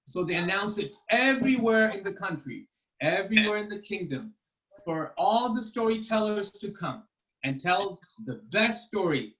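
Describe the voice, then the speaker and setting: A man telling a children's story to families in a lively way, often checking in with his listeners. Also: sits high, normal speed, recorded from a distance, poor audio.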